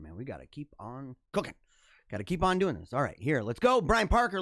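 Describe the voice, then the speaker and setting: A man talks straight to his livestream viewers with the fervor of a motivational preacher, hammering phrases again and again. His voice sits high and leaps all over. The sound is dry and close, with faint music playing underneath. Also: creaky, a bit bright, no echo. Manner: fervent, emphatic, repetitive. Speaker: livestream host. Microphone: camera mic.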